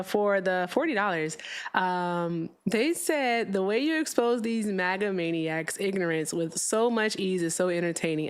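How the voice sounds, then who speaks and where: A young woman hosts a casual livestream, talking bluntly and laughing easily. Her voice sits a little low. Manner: chatty, blunt, laughs often. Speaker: livestream host.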